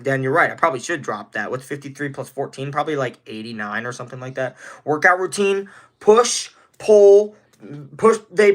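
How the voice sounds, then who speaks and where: A sharp, mid-range voice belongs to a nineteen-year-old man from Indiana, USA. His livestream is casual and rambling, and he welcomes viewers in chat by name.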